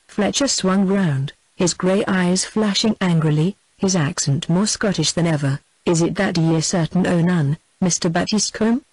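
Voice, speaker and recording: A narrator reading a historical novel aloud in a steady, even manner. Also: medium pitch, dry recording, poor audio. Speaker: audiobook narrator. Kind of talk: scripted narration.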